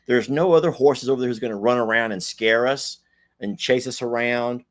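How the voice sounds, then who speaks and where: A man's voice: medium pitch, moderate pace. A middle-aged man chatting casually on a livestream in a folksy, joking way. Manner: folksy, joking, animated asides. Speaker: co-host.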